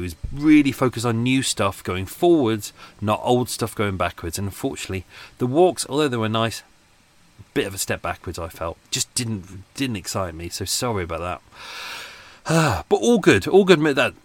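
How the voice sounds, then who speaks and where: A middle-aged podcast host with a fairly low voice speaks at a moderate pace but very animatedly. Talking outdoors by his boat, he chats casually and rambles, with lots of fillers and restarts.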